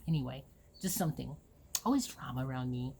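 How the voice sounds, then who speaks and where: Gravelly, low-voiced woman telling stories. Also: animated, brisk, dark tone, a little hiss or hum. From Ohio, USA. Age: 40s. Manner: rambling, candid, swears freely, acts out quotes. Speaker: host. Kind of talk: casual personal storytelling.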